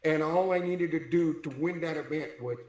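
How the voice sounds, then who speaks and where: A man with deaf speech tells his story with animated energy, lifting his voice a little higher than most men. He acts out the lines of each person in it. The room around him is echoey. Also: moderate pace, dull audio. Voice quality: deaf speech, wears hearing aids. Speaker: interview guest, strongman. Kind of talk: storytelling in a casual interview.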